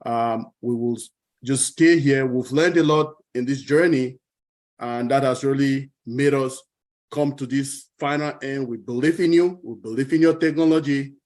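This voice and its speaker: A man's voice: medium pitch, fairly even intonation, normal speed, darkish tone. A man speaking as a panelist in an online webinar, earnest and grateful over a video call.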